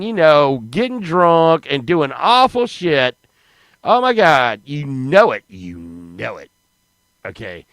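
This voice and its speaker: A man telling a rambling, profane comic story, swinging between loud excited bursts and low mutters. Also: no echo, low-quality recording. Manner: profane, rambling, animated, with sudden drops to mutters.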